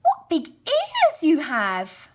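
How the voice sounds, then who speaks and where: A woman voicing a frightened little girl with high, halting, wondering lines. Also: huge pitch swings, heavily acted.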